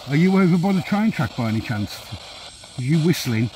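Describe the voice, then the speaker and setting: A man's voice: on the high side, sing-song, darkish tone, a little hiss or hum. Brummie man calling out to spirits. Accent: Birmingham. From Birmingham, England. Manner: slow, coaxing, polite questioning. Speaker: paranormal investigator. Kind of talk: calling out to spirits on a ghost hunt. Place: outdoors at night by a railway track.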